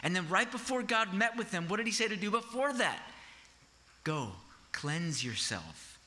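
A man's voice: high-pitched, fast talker, sharp tone, slight background noise. A man preaching a sermon in a conversational way, asking rhetorical questions and often checking in with "right?".

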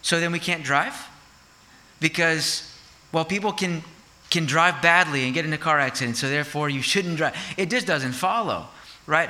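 Pastor guy preaching a sermon, kinda high voice, talks right at the congregation with lots of questions. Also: bright, forceful tone. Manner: conversational preaching, asks the congregation rhetorical questions.

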